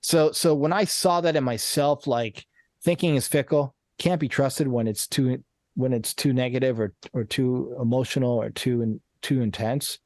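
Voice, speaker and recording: In a casual conversational interview, a coach appearing as a podcast guest talks earnestly, rambling and repeating words as he restarts again and again. His voice is medium-pitched, steady and a little mellow, at a moderate pace. The sound is dry and of studio quality.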